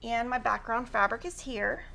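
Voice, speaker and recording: A woman's voice: on the high side, lively intonation, moderate pace, gravelly, sharp tone. A woman teaching a quilting tutorial on a live stream, chatty and upbeat as she talks through cutting fabric. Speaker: quilting instructor.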